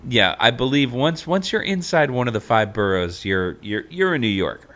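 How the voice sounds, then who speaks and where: A man hosting a podcast in a jokey, playful way, often breaking into laughter. His voice is bright and forward. His pitch jumps around a lot. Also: lively intonation, normal speed. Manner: jokey, laughing often, reads passages aloud. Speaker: podcast co-host. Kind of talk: casual podcast chat.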